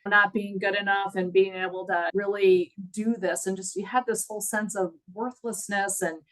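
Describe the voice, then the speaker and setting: In a low-quality recording, a middle-aged interview guest shares her story in a fairly bright, medium-pitched voice at normal speed with fairly even intonation. She comes across as earnest, reflective and audibly emotional, laughing now and then.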